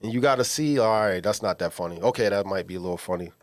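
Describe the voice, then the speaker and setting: This man speaks in a low voice at a quick clip, co-hosting a podcast from a small studio. He's an animated storyteller, spinning comic tales in slangy, emphatic casual chat.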